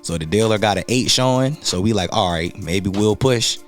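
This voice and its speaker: A man's voice: on the low side, normal speed, soft background music. A man from North Carolina telling a story in a casual, slangy way and acting out other people's lines.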